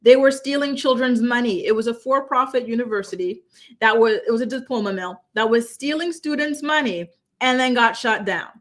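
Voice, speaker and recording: Chatty woman, rhetorical, higher voice. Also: fairly quick. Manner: chatty, emphatic, rhetorical questions. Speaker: commentary channel host. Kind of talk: casual commentary to camera.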